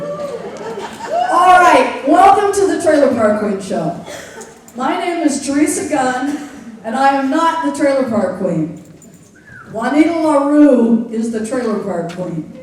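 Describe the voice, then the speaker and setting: Slow-telling woman in an echoey theater. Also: high-pitched, darkish tone, distant mic. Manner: deliberate, confiding, dryly wry. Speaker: storyteller. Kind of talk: live storytelling monologue. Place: theater stage.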